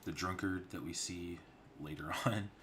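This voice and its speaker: A man's voice: low voice, steady tone, measured pace, a bit bright, a little hiss or hum. A man streaming his storyboard work, rambling casually as he talks through scene ideas. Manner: loose and rambling, lots of fillers. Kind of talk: casual livestream narration. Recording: clear keyboard typing behind.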